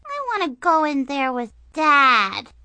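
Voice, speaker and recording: A bratty little girl's voice, shrill, very high and loud, whining and begging in a storybook reading. The squeal is bright and sharp in a dry close recording. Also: very animated, slow pace, no echo, full character voice. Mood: whiny. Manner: squealing, pleading. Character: whiny bratty little girl, demanding.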